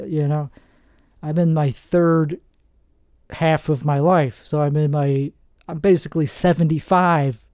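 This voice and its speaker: A man in his forties from New Jersey, hosting a rambling comedic monologue with deadpan, self-mocking asides. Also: fairly high pitch, no room sound, studio quality. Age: 40s. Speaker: comedian host.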